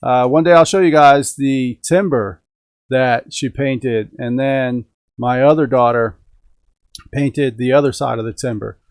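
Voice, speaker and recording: A man's voice: medium pitch, a little slow, darkish tone, no echo. Upbeat dry-sounding middle-aged man. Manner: chatty, upbeat, talks to viewers and the chat. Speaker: host of a radio-control hobby live stream. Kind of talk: casual live-stream chat. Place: home indoors.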